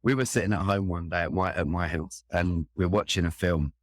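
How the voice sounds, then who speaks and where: A man's voice: low-pitched, steady tone, a little fast, dry recording, studio quality. A middle-aged man with a London accent, telling a personal story in an earnest, reflective way. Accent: London English. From England. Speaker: interview guest, firefighter.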